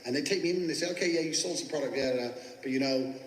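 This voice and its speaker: A boastful, foul-mouthed man delivers a motivational sales lecture at a rapid clip. His voice rings through a roomy space with a long reverb tail. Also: medium pitch, slight background noise. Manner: brash, boastful, swears constantly. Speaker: business coach teaching sales. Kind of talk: profane motivational monologue. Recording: echoey room with long reverb.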